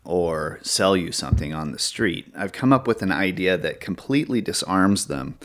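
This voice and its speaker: A man hosting a podcast in casual chat with his wife, telling stories in a jokey, animated way. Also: low-pitched, normal speed. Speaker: podcast host.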